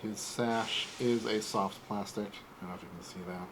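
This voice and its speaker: Gravelly low-voiced man unboxing toys. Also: normal speed, background noise. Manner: relaxed, rambling, easygoing. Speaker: toy collector host. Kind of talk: casual unboxing walkthrough.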